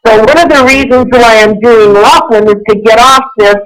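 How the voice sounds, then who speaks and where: A woman's voice: a little high, normal speed, a bit bright, low-quality recording. A woman in her sixties from the US East Coast, a guest in an interview who talks at length in a rambling, emphatic way and repeats herself. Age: 60s. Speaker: guest UFO researcher. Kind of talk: interview conversation.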